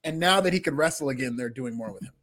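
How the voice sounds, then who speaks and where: A man's voice: mid-range voice, lively intonation, fast, a bit bright. A man co-hosting a casual podcast, sharing gushing, enthusiastic opinions. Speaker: podcast co-host. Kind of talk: casual wrestling podcast chat.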